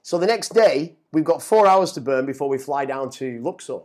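A middle-aged man telling a story as a guest, animated and swearing, often repeating words as he gets excited. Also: fairly high pitch, normal speed. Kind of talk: casual storytelling.

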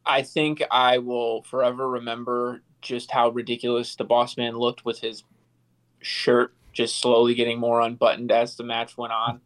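Poor audio captures a man with a medium-pitched voice talking at a moderate pace. Co-hosting a podcast, he spins casual stories and voices the quotes dramatically.

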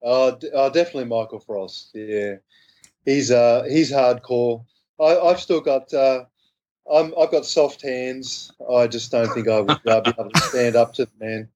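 A man's voice: medium pitch, steady tone, moderate pace, darkish tone, muffled recording. An Australian man as a podcast guest, answering thoughtfully and modestly with some hesitant restarts. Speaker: guest author. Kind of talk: podcast interview.

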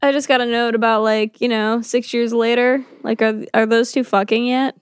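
A young woman co-hosting a movie podcast, quick and joking in casual chat. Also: a little high, little pitch movement, clear, resonant tone, no echo, studio quality. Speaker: podcast co-host.

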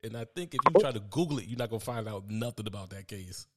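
Lower-voiced man telling slangy stories. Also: animated, quick pace, heavy background noise. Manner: loose, slangy storytelling. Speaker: podcast co-host. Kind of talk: casual chat.

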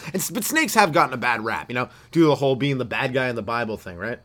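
A stand-up comic talking alone into his podcast mic, his pitch swooping up and down as he riffs. He keeps tossing out "right?" and "you know", and he laughs at his own jokes between bits. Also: fast talker. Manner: animated, jumps into loud put-on voices for bits. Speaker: stand-up comedian hosting a podcast. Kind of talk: rambling solo comedy riff.

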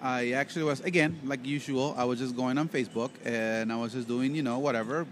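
A man's voice: mid-range voice, fairly even intonation, fairly quick, slight background noise. A man co-hosting a casual podcast chat, a professional interpreter who tells rambling stories and jokes around. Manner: rambling, joking storyteller. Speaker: podcast co-host.

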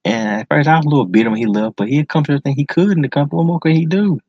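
A man's voice: a little high, rapid-fire, a little mellow, breathy edge, no room sound. A man hosting a casual solo podcast, talking in an enthusiastic, slangy way and repeating words for emphasis. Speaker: podcast host. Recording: dull lo-fi sound, dry close mic.

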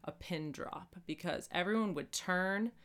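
A woman's voice: on the low side, measured pace, a bit bright. A woman talking reflectively in a podcast conversation as a guest author, now and then acting out quoted voices.

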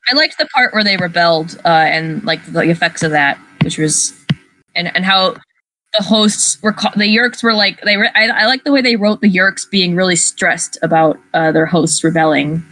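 A woman's voice: fairly low pitch, normal speed, a bit bright, rough recording. A woman in casual book discussion, chatty, often restarting her sentences. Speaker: book club podcast member.

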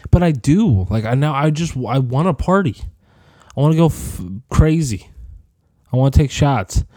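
A young man in his twenties talks alone in a rambling audio diary, cursing freely and jumping between gripes. He is sick, and his mellow, dark voice carries a rough edge from it. The sound is dry and close, with no room around it. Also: on the high side, expressive, normal speed, dry recording. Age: 20s. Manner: profane, rambling rants that drift between topics. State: sick with a cough.

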